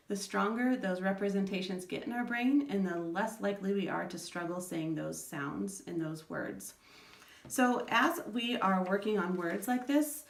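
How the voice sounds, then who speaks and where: A mid-pitched woman speaks patiently to parents, breaking words into syllables as she explains. Her voice carries a roomy echo. She sounds a little way off from the microphone. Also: distant mic. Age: adult parent of school-age children. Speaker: educator giving parenting advice. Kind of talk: instructional talk to parents.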